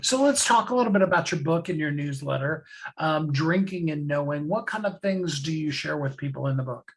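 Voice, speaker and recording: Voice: medium pitch, animated, fairly quick, husky, low-quality recording. An interview host asking easygoing questions in a casual chat.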